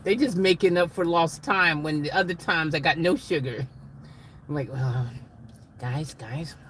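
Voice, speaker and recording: A man's voice: on the high side, moderate pace, pushed and bright, slight background noise. A man casually chatting with his livestream viewers from inside a vehicle, rambling and giggling as he talks to them.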